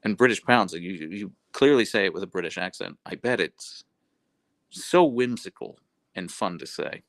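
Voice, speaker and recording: A man's voice: sits low, expressive, moderate pace, dry recording. A young adult man hosting a casual livestream, rambling and correcting himself as he reads chat messages aloud. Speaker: livestream host. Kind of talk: casual live-stream chat.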